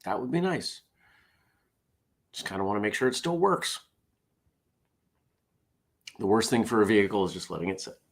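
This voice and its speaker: A man with a low, gravelly voice talks casually and sounds tired. He reads jokes aloud with a wry, self-deprecating manner. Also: sing-song, normal speed, long pauses. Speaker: host. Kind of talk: casual morning chat, reading jokes.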